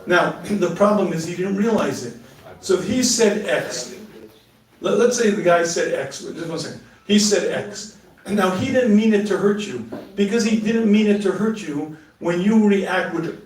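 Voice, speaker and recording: High-voiced joking middle-aged man, echoey hall. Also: moderate pace. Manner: animated, joking, laughs at his own asides. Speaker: rabbi answering audience questions. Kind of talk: live talk with Q&A. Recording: echoey room, mic at a distance.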